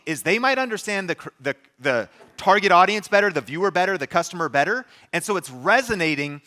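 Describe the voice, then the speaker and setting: A man host giving an energetic, emphatic motivational talk to a live audience in a room, with quick asides to the crowd. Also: fairly high pitch.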